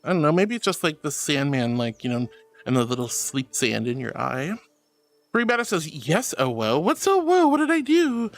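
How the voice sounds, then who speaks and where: A woman's voice: low voice, very animated, moderate pace, dry recording, soft background music. A woman VTuber chatting casually with viewers, reading their messages aloud and calling them honey and sweetie. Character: furry angel VTuber avatar. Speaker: VTuber streamer.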